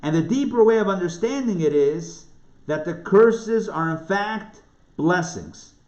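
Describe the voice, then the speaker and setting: In an echoey room with dull, lo-fi sound, a man with a high, darkish voice teaches Torah casually as a rabbi in a live online class. He talks with his listeners in a conversational way and poses questions to them.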